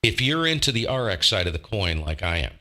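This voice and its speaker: A man with a rather low but strikingly bright voice hosts a laid-back radio hobby live stream. He talks close to a desk microphone, wandering through his thoughts with rhetorical questions and a self-deprecating streak. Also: very animated, fairly quick. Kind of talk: casual live-stream talk.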